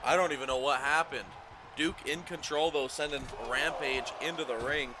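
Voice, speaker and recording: A man doing play-by-play commentary over a video game wrestling match, calling moves quickly and getting louder at near-falls. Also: on the high side, noisy background. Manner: rapid play-by-play calls, rising excitement at near-falls.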